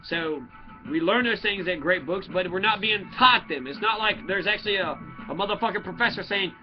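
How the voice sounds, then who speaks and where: A man's voice: high voice, normal speed. A man who is a student, in a profane, heated and confrontational ranting monologue. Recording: dull lo-fi audio with faint music.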